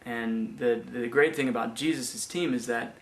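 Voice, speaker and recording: A young man giving a personal faith testimony, speaking haltingly with many restarts and repeated words. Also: mid-range voice, echoey room. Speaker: former missionary giving testimony.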